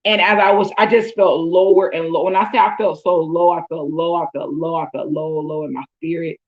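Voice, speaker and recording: A woman's voice: fairly low pitch, fairly even intonation, fairly quick, dull audio. A woman host, telling her own story in casual talk and acting out her thoughts in quotes.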